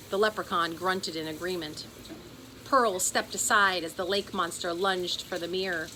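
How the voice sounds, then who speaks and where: A woman reading a children's chapter book aloud in an expressive storytelling voice. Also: on the low side, unhurried, a little hiss or hum, poor audio. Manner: expressive, does character voices. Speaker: audiobook narrator.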